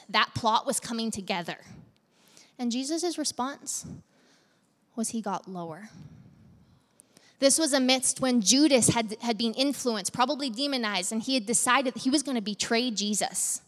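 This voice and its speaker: A woman's voice: fairly high pitch, big-room sound. A woman pastor preaching a sermon in a conversational manner, talking straight to the congregation with questions.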